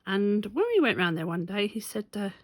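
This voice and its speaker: A woman's voice: medium pitch, brisk, slight background noise. A woman telling a rambling, amused anecdote in a casual vlog, often correcting herself as she goes. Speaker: stitching vlogger.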